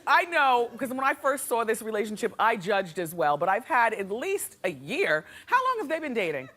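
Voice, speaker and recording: A woman hosting a talk show, delivering an animated, sassy gossip monologue to a studio audience. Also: a little high, moderate pace. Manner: animated, chatty and sassy, laughing often. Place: television studio with a live audience. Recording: studio with audience noise behind.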